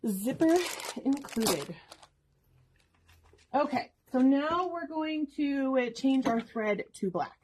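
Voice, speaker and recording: Lady showing off sewing stuff on a live stream, takes her time, kinda high voice, playful, little bit of hum in the background. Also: animated, a little mellow, poor audio. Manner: unhurried, chatty, playful. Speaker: shop host demonstrating embroidery. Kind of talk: livestream product demo chat. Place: sewing shop studio.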